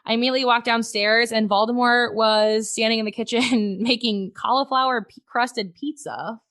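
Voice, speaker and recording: A woman's voice: on the high side, fairly even intonation, moderate pace, fairly bright tone. A woman guest on a podcast, frankly telling a personal story in conversation and swearing freely.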